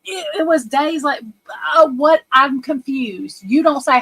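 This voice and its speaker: A woman's voice: high-pitched, measured pace, fairly bright tone, low-quality recording. Profane woman ranting on stream. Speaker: livestream host. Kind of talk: casual livestream commentary.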